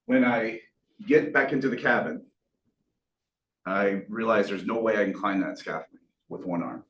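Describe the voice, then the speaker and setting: A man's voice: on the low side, normal speed, dull audio. Earnest man telling a survival story. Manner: earnest, animated, folksy with self-deprecating humor. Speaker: guest speaker. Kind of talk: motivational storytelling talk. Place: meeting room. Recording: echoey room, distant mic, faint hiss.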